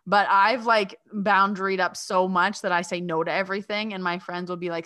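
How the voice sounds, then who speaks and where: A woman in her thirties co-hosting a casual spiritual podcast, chatting in an animated way and breaking into loud mock-yelling. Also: lowish voice, a little fast, clear, resonant tone, no room sound, clean studio sound. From Lebanese heritage. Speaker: co-host, spiritual coach.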